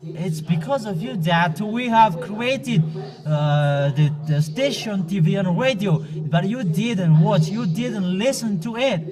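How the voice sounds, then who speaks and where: Slow, high-voiced male preacher. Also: expressive, a crowd in the background. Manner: halting, with frequent pauses and restarts; admonishing the congregation directly. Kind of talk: sermon.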